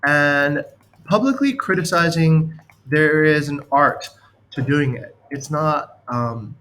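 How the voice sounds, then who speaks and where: A man's voice: on the high side, slow pace, a bit bright, faint music behind. A man leading a team session, coaching on leadership in a rambling, anecdotal way and chuckling as he explains.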